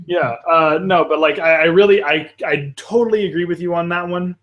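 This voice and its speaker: A man hosting a casual live panel chat, talking in a halting, agreeable way with frequent restarts. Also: a little high, highs cut off. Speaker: panel host.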